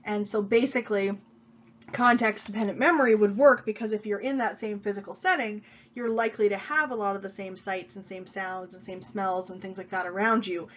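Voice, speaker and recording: A woman's voice: medium pitch, steady tone, brisk. A woman college instructor giving a recorded online lecture, explaining with frequent fillers, slightly congested from a cold. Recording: dull lo-fi sound.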